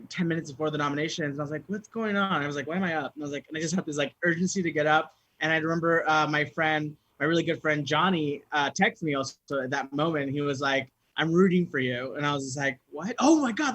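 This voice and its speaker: A young man from Southern California chatting as a guest, telling stories with lively high-pitched acted-out reactions. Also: no room sound. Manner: animated storyteller, jumps into high-pitched quoted reactions. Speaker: guest actor. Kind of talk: casual chat.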